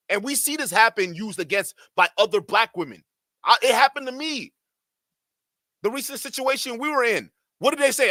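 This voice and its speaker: A man's voice: high-pitched, lively intonation, moderate pace, sharp tone, no echo, clean studio sound. A man hosting a livestream, giving heated, profane commentary in a ranting manner. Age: adult. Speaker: streamer host.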